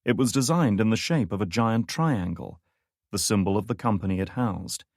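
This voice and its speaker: A man narrates a thriller audiobook in a measured, steady way. His voice sits low. The recording is close and dry. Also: no echo. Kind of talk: scripted narration.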